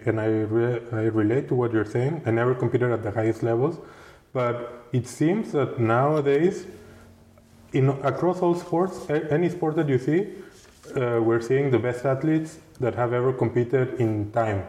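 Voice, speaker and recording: A man hosts a podcast and asks his guest questions eagerly, tripping over his words as he goes. His voice sits at an ordinary pitch for a man. The room around him sounds echoey. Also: moderate pace, mellow. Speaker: podcast host. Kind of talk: casual interview questions.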